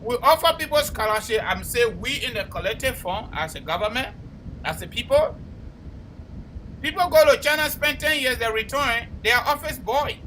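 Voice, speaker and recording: Liberian man, call-in radio host, high bright voice, combative and repetitive. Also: expressive, moderate pace, a little hiss or hum, rough recording. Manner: forceful, combative, repeats words when heated. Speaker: talk show host. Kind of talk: call-in talk show commentary.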